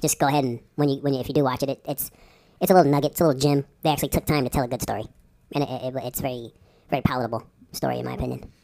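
A man in his forties co-hosting a casual chat podcast, laid-back and joking, quick to laugh. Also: mid-range voice, steady tone, creaky, darkish tone. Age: 40s. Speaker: podcast co-host.

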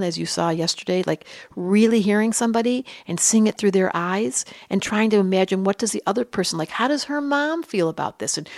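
A woman's voice: mid-range voice, dry recording, studio quality. An older woman, an astrologer guest on a podcast, talking casually and acting out the people in her stories. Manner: animated storyteller, acts out quotes.

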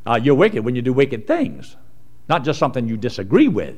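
A man preaching a sermon in a folksy way, going from loud emphasis to quiet asides. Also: mid-range voice, big pitch swings, a little fast.

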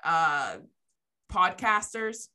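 A woman's voice: fairly low pitch, animated, extremely slow, a crowd in the background. A woman co-hosting a podcast, talking bluntly in casual chat and swearing freely. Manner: blunt, swears, talks in long stretches. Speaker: podcast co-host.

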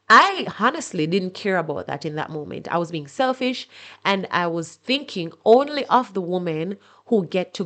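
A woman on her podcast, talking openly about a painful time in her life. Her voice sits a little low, and she speaks with raw emotion, often restarting and repeating words as she goes. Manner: emotional, candid, repeats words when searching. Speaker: podcast host. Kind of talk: personal storytelling monologue.

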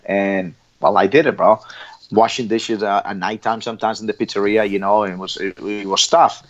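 A man's voice: on the low side, moderate pace. A middle-aged man from Colombia with a Colombian accent, speaking bluntly as an interview guest, swearing freely and often restarting his sentences. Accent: Colombian Spanish. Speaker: guest, former Olympic athlete. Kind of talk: casual interview talk. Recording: dull lo-fi sound.

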